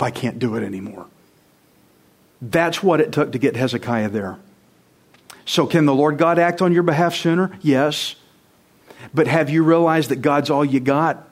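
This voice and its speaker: A male pastor preaching a sermon, emphatic and conversational, firing rhetorical questions straight at his congregation. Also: mid-range voice. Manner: conversational, direct address to the congregation.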